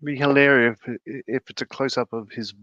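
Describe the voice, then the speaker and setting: A man's voice: medium pitch, fairly even intonation, moderate pace, bright, forceful tone, dry recording, dull audio. A man co-hosting a casual livestream, rambling as he explains his model build with many fillers. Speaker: co-host, scale modeller.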